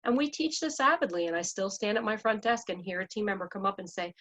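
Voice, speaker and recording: Energetic woman coaching on salon sales. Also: mid-range voice, quick pace. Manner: energetic, emphatic, acts out client scripts. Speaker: salon business speaker. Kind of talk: coaching talk on a panel. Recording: dull lo-fi audio.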